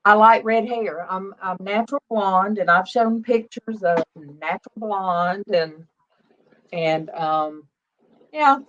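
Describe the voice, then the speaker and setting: Slow-talking woman in her fifties, livestream host. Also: medium pitch, a bit bright. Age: 50s. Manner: chatty, greets viewers by name. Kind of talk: casual livestream chat. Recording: dull lo-fi stream audio.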